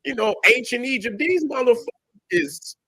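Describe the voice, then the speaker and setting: A man's voice: very high-pitched, lively intonation, moderate pace, vocal fry, bright, forceful tone, slightly rough. A middle-aged man giving a profane, repetitive, preachy commentary rant as host. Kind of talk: ranting commentary.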